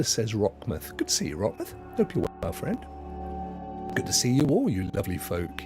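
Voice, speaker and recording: A man's voice: low-pitched, sing-song, fast talker, a little mellow, faint music behind. A middle-aged man hosting a casual livestream, rambling through jokey chat and talking straight to his viewers. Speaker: livestream host.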